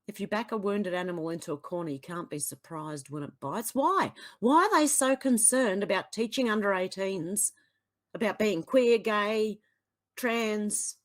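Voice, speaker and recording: An Australian woman reading out social media posts and reacting to them bluntly, with frequent exasperated sighs and sudden sharp retorts. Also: medium pitch, unhurried. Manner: exasperated, blunt, swings between sighs and outbursts. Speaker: political commentary vlogger.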